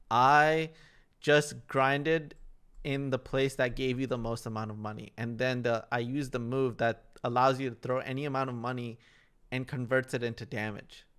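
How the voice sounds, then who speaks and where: Young man, podcast co-host, smooth clear voice, laid-back rambling chat. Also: mid-range voice, a bit bright. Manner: rambling, filler-heavy storytelling. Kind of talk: casual chat.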